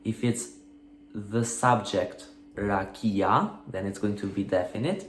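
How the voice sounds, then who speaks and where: A man's voice: fairly low pitch, slow. A man teaching a language lesson, explaining grammar rules patiently, step by step, and asking rhetorical questions. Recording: echoey room with faint hum.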